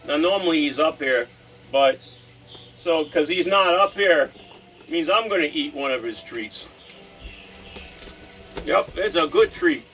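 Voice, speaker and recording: Rambling man, bright voice, distant mic. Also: mid-range voice, animated, normal speed, pauses often, soft background music. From Rhode Island. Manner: rambling, talks to his dog. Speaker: vlogger. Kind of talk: casual chat.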